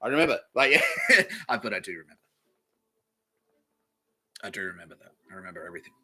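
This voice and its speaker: A man's voice: on the low side, lively intonation, fast, pushed and bright, slightly rough. A young Australian man hosting a podcast, rambling through a profane, sarcastic comedy monologue and often laughing at himself. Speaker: podcast host.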